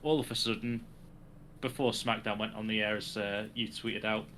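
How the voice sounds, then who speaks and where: A man's voice: on the low side, flat delivery, moderate pace, a bit bright, slight background noise. A man co-hosting a podcast, recapping wrestling events casually and laughing often. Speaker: podcast co-host.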